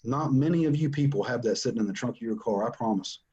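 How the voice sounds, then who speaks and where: A man speaks fast in a mid-range, dark-toned voice over lo-fi sound. As a father telling his family's story, he gives earnest, emphatic testimony and repeats things to stress them.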